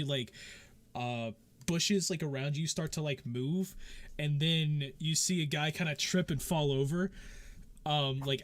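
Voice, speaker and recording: A man's voice: fairly high pitch, a bit bright. A man narrating as game master, casual and filled with hesitations.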